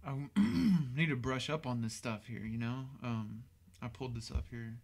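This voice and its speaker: A man's voice: mid-range voice, normal speed, vocal fry, darkish tone. A man co-hosting a podcast in casual chat, laid-back, with folksy exclamations. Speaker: podcast co-host.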